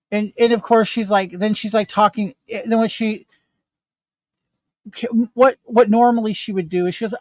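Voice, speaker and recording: A man's voice: sits high, dry recording. A middle-aged man casually telling an indignant personal story to the camera while doing his makeup. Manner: animated, indignant retelling with rising emphasis. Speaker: vlogger.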